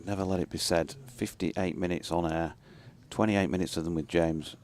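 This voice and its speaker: A man's voice: low voice, fairly even intonation, moderate pace, a little mellow, a little hiss or hum. A man in a radio cricket commentary box, bantering in a dry, wry way.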